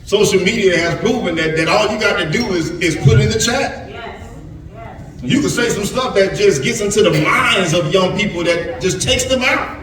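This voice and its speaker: High-voiced preacher echoing through a church. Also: male voice, moderate pace, a crowd in the background. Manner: preaching to young people with repetitions and stammered restarts. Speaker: pastor. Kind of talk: sermon. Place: church sanctuary. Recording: very echoey church sanctuary from far off.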